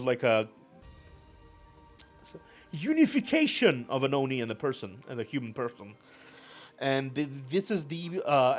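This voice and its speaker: Chatty, rambling man with a higher voice. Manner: rambling, repeats his phrases. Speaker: streamer. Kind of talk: casual live-stream commentary.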